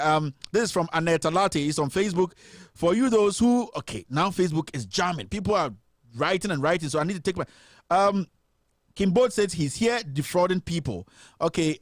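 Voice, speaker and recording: A man with a Ghanaian accent hosts a live call-in commentary show, sarcastic and animated, and reads viewers' comments aloud. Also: high-pitched, dry recording, clean studio sound. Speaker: host.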